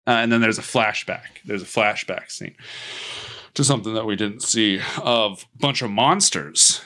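On a podcast, a host with a fairly low, sharp, clean-toned voice casually recaps a movie plot at a slightly slow pace. He rambles, restarts his sentences and laughs at his own jokes.

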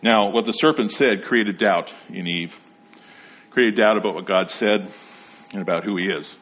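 Husky-voiced man preaching a sermon. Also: on the low side, fairly bright tone. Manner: measured Bible teaching with read scripture. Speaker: pastor.

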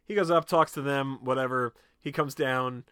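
A man hosting a podcast casually recaps a film's scenes, acting out the characters' lines and swearing frequently. His mid-range voice has fairly even intonation, a moderate pace, and a pushed, bright, smooth quality, captured in a dry, clean studio recording.

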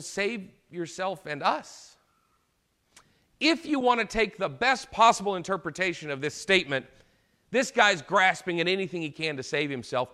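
A man's voice: sits high, pushed and bright. A man preaching a sermon, explaining scripture in a conversational way and acting out short paraphrased lines.

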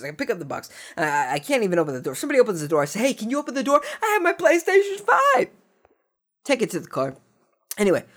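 Excitable man telling a story on a podcast. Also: sits high. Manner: animated, repeats words, swings from hushed to excited. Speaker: podcast host. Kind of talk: casual storytelling monologue. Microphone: desk microphone.

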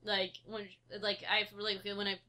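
A woman co-hosting a relaxed film chat, her bright, sharp voice full of "like" and quick outraged bursts. She talks about dogs with real enthusiasm. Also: mid-range voice. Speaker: podcast co-host. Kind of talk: casual movie discussion.

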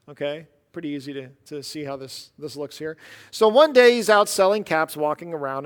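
A man preaching a sermon, animated and conversational, with casual asides. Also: a little high, big-room sound. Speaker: pastor.

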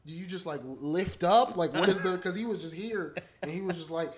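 A man hosting a podcast, telling animated stories in casual chat and swearing freely. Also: sits high, a little fast, slightly rough. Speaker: podcast host.

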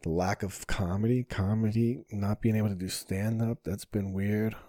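A man's voice: lowish voice, fairly even intonation, moderate pace, dark tone, no echo. A man who hosts his own podcast and does stand-up comedy, talking in a rambling, candid, profane way with lots of fillers, recorded in a small home basement studio. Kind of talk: casual solo podcast monologue.

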